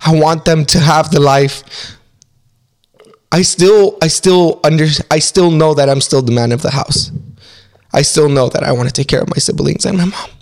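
A man with a fairly high voice speaks as a podcast guest, swearing freely and turning raw feelings into laughs. His talk is casual and heartfelt, with emotion breaking through. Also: normal speed, gravelly.

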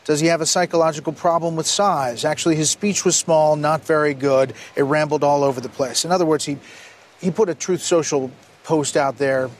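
A man working as a TV news anchor, asking measured, probing questions in an interview. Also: on the high side, fairly even intonation. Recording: faint background noise.

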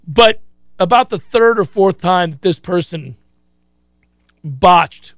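A man's voice: high voice, animated, slow pace, dry recording. A man hosting a sports talk radio show, chatting casually and acting out other people's lines.

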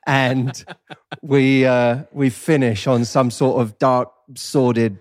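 A man's voice: mid-range voice, flat delivery, takes it slowly, no room sound, studio quality. A man in his thirties with an East London accent, chatting casually as a podcast guest and laughing between lines. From England. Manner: playful, laughs while talking. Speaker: guest, dating coach.

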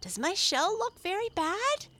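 A woman voicing a small, eager young male turtle in a storybook, with high, excited cries. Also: unhurried, exaggerated voice.

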